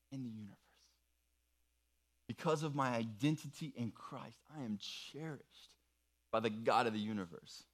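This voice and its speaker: An earnest man preaches to a young audience in a mid-pitched voice. He walks them through a worksheet with patient, encouraging instructions. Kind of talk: sermon with worksheet activity.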